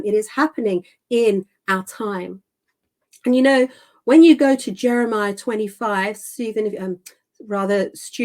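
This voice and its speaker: Female host, slightly high pitch, earnest scripture teacher who leans hard on repeated words. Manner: stresses key words, repeats phrases for emphasis. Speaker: host reading and explaining scripture. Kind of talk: emphatic scripture teaching on a live show.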